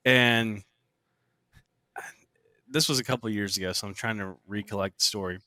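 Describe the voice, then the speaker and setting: Animated young man telling a wild story. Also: fairly low pitch, normal speed, dry recording, studio quality. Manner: animated, profane, acts out quotes. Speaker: podcast co-host. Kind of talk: casual storytelling.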